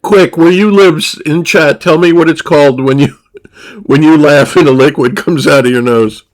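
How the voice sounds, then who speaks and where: A man's voice: a little high, moderate pace. A man livestreaming in a crude, rambling, profane way, often laughing at himself. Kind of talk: crude casual stream chatter.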